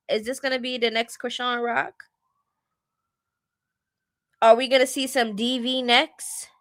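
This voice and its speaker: A young woman vlogger runs through celebrity gossip in a relaxed, chatty way. She speaks slowly in a fairly high voice and fills the gaps with ums and drawn-out asides of "child". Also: clear, resonant tone. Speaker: commentary vlogger. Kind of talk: casual gossip commentary.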